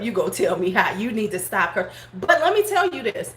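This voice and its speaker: A middle-aged woman hosting a laid-back beauty vlog livestream speaks a little slowly in a fairly high voice with big pitch swings. Blunt and frank, she laughs frequently and responds to viewers' live chat comments. The recording is in a roomy home room with faint background noise.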